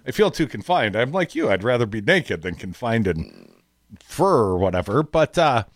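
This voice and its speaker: A man's voice: mid-range voice, big pitch swings, normal speed, no echo, studio quality. A middle-aged man hosting a radio talk show, bantering and teasing his co-host with frequent laughs. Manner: joking, teasing, laughs often. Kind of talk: casual on-air banter.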